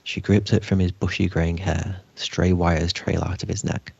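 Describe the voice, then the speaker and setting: Give me a deep, raspy man narrating a script, on dull, dry audio. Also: flat delivery, moderate pace, a little mellow, no room sound. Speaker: writer reading stage directions. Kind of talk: script table read narration.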